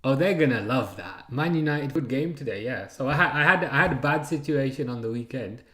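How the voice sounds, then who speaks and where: A man's voice: medium pitch, animated, fairly quick, a bit bright, echoey room. A man in his thirties hosting a live football watchalong, chatting, laughing and reading out viewer comments. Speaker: watchalong streamer.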